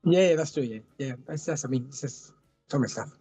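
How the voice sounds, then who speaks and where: A man's voice: mid-range voice, fairly quick, dark tone, slightly rough, faint music behind. A man in his thirties from southern Spain with a thick Spanish accent, chatting as a guest in a casual interview, often restarting and repeating words.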